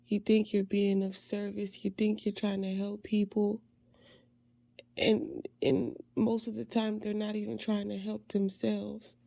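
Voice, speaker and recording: A woman pours out a personal, heartfelt monologue in a dark, mellow voice roughened with vocal fry. She speaks slowly and haltingly, letting phrases trail off softly. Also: mid-range voice, completely flat delivery, dry recording. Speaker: faith ministry creator.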